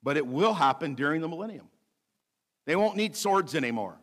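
A male pastor delivering a sermon, reading scripture slowly and adding light asides with a bit of humor. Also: on the high side, lively intonation, a bit bright. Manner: preaching with light humor, slows to read scripture aloud.

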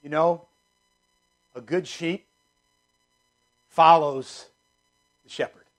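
A middle-aged male pastor preaching a sermon, emphatic and repetitive, swinging between loud declarations and hushed asides. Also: on the high side, fairly even intonation, drawn-out words.

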